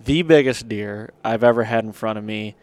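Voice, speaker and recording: A man's voice: fairly low pitch, normal speed, dry recording. A man hosting a podcast, telling a long hunting story in a rambling, casual way with lots of fillers. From Michigan. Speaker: podcast host.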